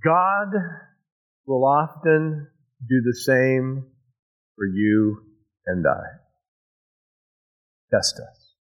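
A man's voice: mid-range voice, very slow, pauses often, lo-fi sound. A man preaching a sermon in a casual storytelling way, explaining verses and acting out the scenes. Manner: acts out scenes with sound effects and voices. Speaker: pastor.

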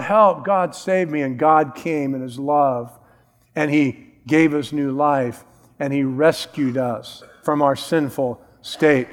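A man's voice: fairly high pitch, in a large hall. A middle-aged man preaching a sermon as a pastor, emphatic and repeating key phrases.

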